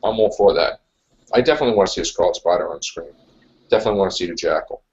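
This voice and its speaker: A man's voice: low voice, racing, a little mellow, highs cut off. A man hosting a casual podcast chat, ranting emphatically and repeating his points. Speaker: podcast host.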